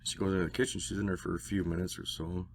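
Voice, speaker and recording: A man telling a personal story in a casual, rambling way. He swears and gets excited when he acts out dialogue. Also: low voice, racing, creaky, a little hiss or hum. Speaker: interview guest.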